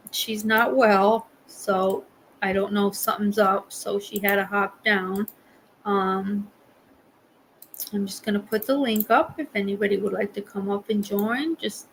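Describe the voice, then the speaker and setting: A woman's voice: mid-range voice, a bit bright, a little hiss or hum, poor audio. A woman hosting a live stream, chatting casually with viewers in a rambling way and laughing often. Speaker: livestream host.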